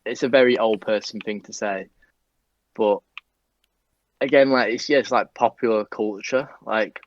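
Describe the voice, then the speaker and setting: Young guy with a lowish voice, sweary and rambling, telling a story over a dull, muffled mic that sounds dry and close. He fills gaps with "like" and "um". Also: fairly even intonation, a little slow, no room sound. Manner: rambling, sweary, many fillers. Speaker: police staff guest. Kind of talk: casual anecdote telling.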